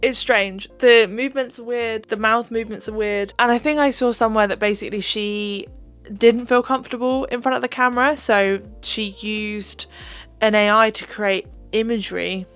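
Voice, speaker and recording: A woman's voice: on the high side, steady tone, normal speed, a bit bright, clear, resonant tone, faint music behind. A woman hosting a casual commentary on online clips, musing and a bit hesitant, with a self-deprecating streak. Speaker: host, commentator.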